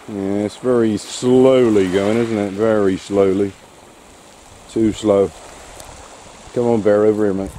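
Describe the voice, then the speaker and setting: A low-voiced, mellow man strolls outdoors with his dog, making dry, wry asides as he goes. Faint outdoor wind and water noise sits under his voice. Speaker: dog-walking vlogger. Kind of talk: casual walking commentary to his dog. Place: outdoors on a wet shore and woods.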